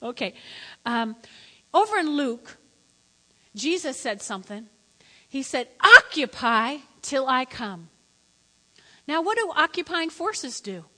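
A woman preaching a sermon in a church, quizzing her congregation in a lively way and swinging between quiet and loud. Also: sits high, takes it slowly, long pauses, long reverb tail.

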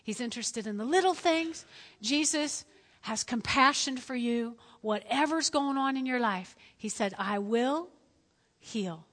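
A woman delivers an animated sermon in a church hall, her bright, fairly high voice carrying a long reverb. She tells stories with energy and acts out the lines of the people in them. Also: a little slow. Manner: animated storytelling, acting out quotes. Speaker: preacher. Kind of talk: lively sermon.

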